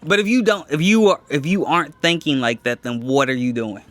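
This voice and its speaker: Comedian guy on a podcast, kinda high voice for a dude, cocky and candid, swears a lot, keeps restarting sentences. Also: fairly bright tone, no room sound. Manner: boastful, candid, talks in quick restarts; swears freely. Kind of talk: casual chat.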